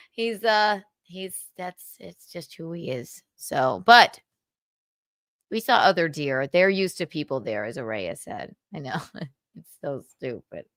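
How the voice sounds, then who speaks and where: A woman's voice: sits low, expressive, takes it slowly, fairly bright tone, no room sound. A young adult woman hosting a casual livestream, gossiping, laughing and swearing freely. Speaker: livestream host.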